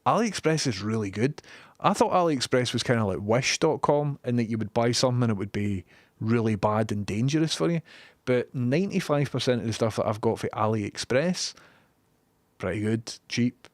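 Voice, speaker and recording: A young Scottish man with a medium-pitched voice chats casually on a live stream from his home studio, joking and reading out viewer messages. The recording is dry.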